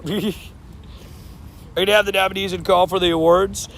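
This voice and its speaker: A man's voice: high voice, flat delivery, moderate pace, long pauses, a bit bright. A man hosting a live stream outdoors near traffic, chatting casually and rambling while laughing easily with viewers.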